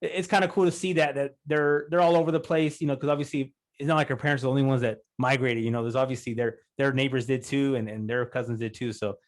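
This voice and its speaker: Fast-talking chatty man hosting a podcast. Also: medium pitch, fairly even intonation. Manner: quick, chatty, many fillers. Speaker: podcast host. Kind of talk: casual interview chat.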